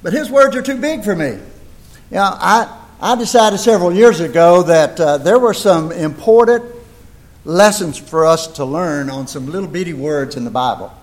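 A man's voice: high voice, moderate pace. An older American man preaching a folksy sermon in a church, talking chattily into a microphone and asking rhetorical questions. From United States.

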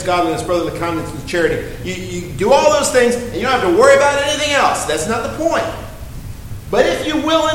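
A male preacher with a notably high-pitched voice delivers a sermon. His manner is conversational yet emphatic, with frequent restarts as he works through his points. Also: a bit bright, slight background noise, poor audio.

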